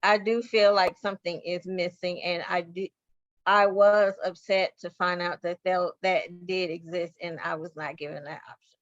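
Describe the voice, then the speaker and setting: A woman's voice: on the low side, flat delivery, moderate pace, dry recording. A woman patient panelist speaking frankly and reflectively over a video call. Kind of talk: personal testimony on a panel. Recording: dry, lo-fi call audio.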